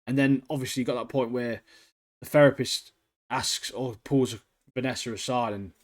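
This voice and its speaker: Animated man chatting casually. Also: mid-range voice, normal speed. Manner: animated, laughing often, slangy and swearing. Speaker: podcast co-host. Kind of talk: casual chat reviewing TV shows.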